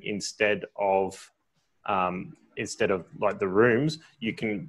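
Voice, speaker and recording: A man's voice: on the low side, fairly bright tone. A man plainly explaining a technical point on a video call.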